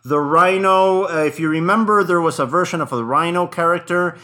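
A man's voice: fairly high pitch, a little fast, pushed and bright. A man co-hosting a podcast in casual chat, joking and laughing often. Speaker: podcast co-host.

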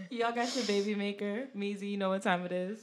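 A woman's voice: medium pitch, a little fast. A woman co-hosting a casual podcast, easygoing and steering the conversation along. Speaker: podcast co-host.

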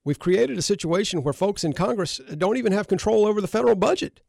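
An older man hosting call-in political talk radio, who gets worked up and pushes his voice higher on emphatic, repeated questions. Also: lively intonation, quick pace, gravelly, a little mellow, dry recording, studio quality. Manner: gets fired up, pitch rising sharply on emphatic questions. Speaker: radio talk show host.

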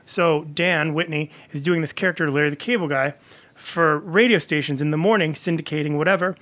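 A man's voice: a little high, a little fast, bright, forceful tone. A man telling comedy-world stories in a casual podcast chat, rambling with many fillers. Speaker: comedian guest.

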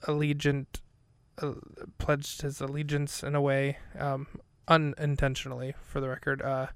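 A man's voice: mid-range voice, monotone, normal speed, clear, resonant tone, no echo. A man hosting a podcast, recapping an episode in a casual, rambling way, full of fillers and self-corrections. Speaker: podcast host.

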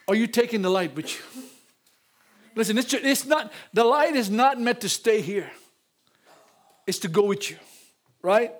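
An older man preaching in a church, emotional, repeating phrases and rising to loud peaks. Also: high-pitched. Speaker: pastor. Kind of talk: sermon.

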